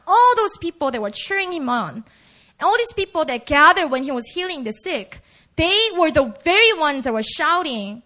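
Woman giving a sermon, chatty, high voice that swoops all over. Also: normal speed. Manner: animated, conversational, acts out quoted lines. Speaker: preacher.

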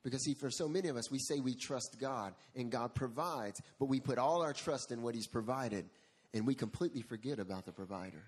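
A male pastor preaches with a husky, slightly breathy voice at a middle pitch. He tells stories with animation, pushing louder and higher on key lines. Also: brisk. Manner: animated storytelling, rising loud at emphasis. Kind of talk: sermon.

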